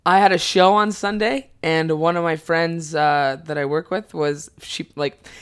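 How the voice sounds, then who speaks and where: A man in his twenties hosting a solo podcast, cursing freely and swinging from mumbled asides to loud outbursts. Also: on the high side, slow, clean tone. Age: 20s. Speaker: podcast host and stand-up comic. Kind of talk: casual solo podcast chat.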